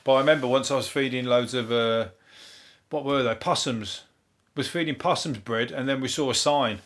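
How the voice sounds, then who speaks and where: Deadpan Brummie man hosting a comedy podcast. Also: medium pitch, normal speed. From England. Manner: dry deadpan delivery with frequent swearing and filler ums. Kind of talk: rambling topical comedy monologue.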